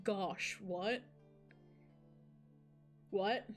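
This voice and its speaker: A woman's voice: mid-range voice, normal speed, soft background music. A woman streamer reading a visual novel aloud and chatting with viewers in a rambling, self-mocking way, with frequent restarts.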